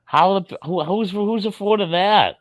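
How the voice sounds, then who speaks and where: A man's voice: high voice, measured pace, no room sound. A man co-hosting a casual sports podcast, chiming in with short, surprised reactions. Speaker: podcast co-host.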